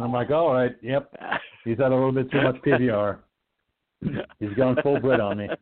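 A man with a mid-range voice speaks at a moderate pace, hosting an online horror talk show. He jokes and swears through casual banter, and the recording sounds tinny, like online radio over a phone.

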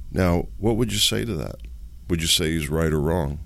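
Gravelly deep-voiced man with rhetorical questions. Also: a little fast, fairly bright tone. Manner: fires off rhetorical questions, sarcastic. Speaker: podcast host. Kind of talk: political commentary monologue.

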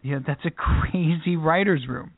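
A man's voice: fairly high pitch, a little slow, breathy edge, no echo. A man co-hosting a podcast, telling a story in casual chat with lots of restarts. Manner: rambling storyteller with many restarts. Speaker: podcast co-host. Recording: dry phone-like lo-fi sound.

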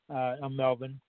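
A man reading spoken-word poetry in a measured, rhythmic, rhyming delivery. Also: mid-range voice, no echo. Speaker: open mic poet. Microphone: phone call-in. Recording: tinny phone line.

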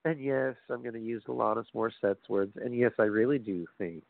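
A man ranting casually about wrestling, profane and animated, addressing his audience directly. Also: medium pitch, a little fast, creaky, dry recording. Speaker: wrestling commentary host. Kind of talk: casual opinionated wrestling talk. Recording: phone-like lo-fi audio, dry.

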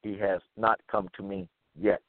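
A man reading scripture aloud and commenting on it in a slow, deliberate, repetitive way. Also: sits low, flat delivery, no room sound. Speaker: monologue speaker. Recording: tinny phone-like line, dry.

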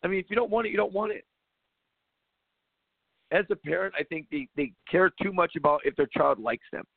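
A man's voice: sits high, lively intonation, brisk, gravelly, no echo. A man who coaches basketball and hosts a show, talking through his views in a rambling, emphatic way with frequent restarts. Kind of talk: casual monologue. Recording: tinny phone-like line, dry.

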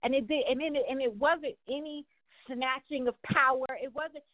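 A middle-aged woman hosting a show, talking casually to viewers in an animated, conversational way with slang and quick restarts. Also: high-pitched, no room sound. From United States. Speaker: host. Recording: phone-like line, dry.

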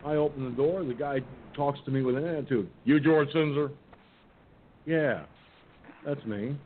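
An older man talks his way loosely through a story, circling back, restarting sentences and dropping the odd curse. The sound is narrow and tinny, like a phone call, and a faint rumble hums underneath. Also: moderate pace. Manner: rambling, many restarts, swears casually. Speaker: radio show host. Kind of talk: casual rambling monologue. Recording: muffled phone-line audio with faint rumble.

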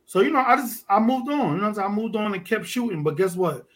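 A man's voice: high-pitched, animated, fast talker, a bit bright. A man from Detroit, a podcast guest, telling stories in casual, profane street talk and acting out the dialogue. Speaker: podcast guest, underwater photographer. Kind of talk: casual storytelling chat.

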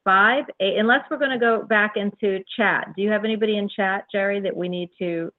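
A woman's voice: mid-range voice, a little fast. A woman hosting a call-in show, gushing and effusive, laughing often, heard over a tinny phone line. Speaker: radio show host. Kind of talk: casual call-in chat.

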